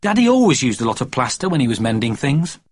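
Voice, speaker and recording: Male audiobook narrator for a kids' story, animated, husky. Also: medium pitch, quick pace, no echo.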